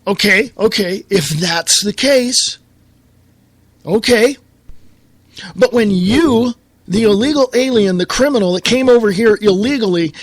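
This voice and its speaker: A man's voice: high-pitched, a bit bright, no echo. An American man hosting a talk radio show, ranting angrily in a political monologue and reading news aloud. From United States.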